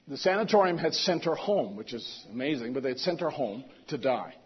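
Husky male preacher telling a story. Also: mid-range voice, normal speed, dull audio. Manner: animated retelling, swings from loud emphasis to hushed asides. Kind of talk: storytelling sermon.

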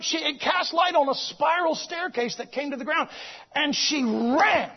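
A man preaching, moving from shouted exclamations to hushed storytelling and repeating his phrases. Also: very high-pitched, a little slow, lo-fi sound. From United States. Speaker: visiting preacher. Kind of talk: sermon storytelling.

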